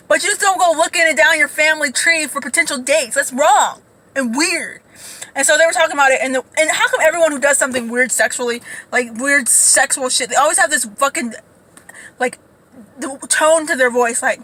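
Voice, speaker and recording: A woman ranting casually as a commentator, blunt, profane and animated. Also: sits high, brisk, rough recording. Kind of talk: casual reaction rant.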